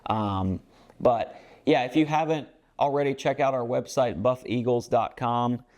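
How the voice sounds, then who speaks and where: A man with a mid-range, slightly mellow voice speaks at a measured pace as a basketball coach and podcast co-host. His earnest remarks on team culture ramble casually, with fillers throughout.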